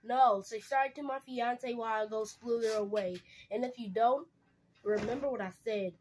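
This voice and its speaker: Woman voicing a plush snake guy, low slow threats, homemade skit. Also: darkish tone, a little hiss or hum, lightly acted. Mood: menacing. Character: threatening male plush snake, a protective fiance.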